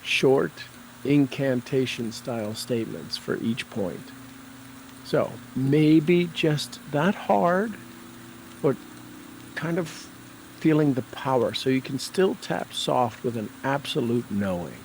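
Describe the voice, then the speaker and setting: A man guiding a tapping session, speaking affirmations slowly and deliberately for the listener to repeat. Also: mid-range voice, darkish tone, slight background noise, rough recording. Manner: slow, deliberate, coaching tone.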